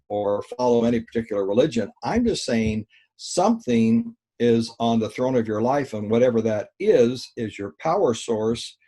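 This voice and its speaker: An American man, a life coach being interviewed, telling an animated anecdote and acting out both sides of a conversation. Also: mid-range voice. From United States. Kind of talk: storytelling in an interview.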